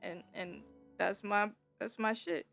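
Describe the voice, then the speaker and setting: A young woman telling a personal story in a casual, rambling way. She swears freely, repeats herself, and gets louder when she is upset. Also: mid-range voice, slow pace, creaky, soft background music. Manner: bitter and emotional, voice rising when upset. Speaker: streamer.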